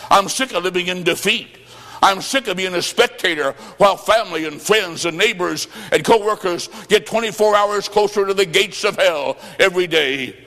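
A man preaching a revival sermon, telling a story with acted-out quotes and rising to shouts. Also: high-pitched, moderate pace, in a large hall. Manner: fervent, shouting at peaks, acts out quotes.

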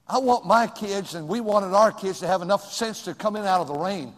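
An older man preaching a sermon as pastor, swinging from hushed asides to sudden shouts. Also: sits high, brisk, few pauses, breathy edge, long reverb tail.

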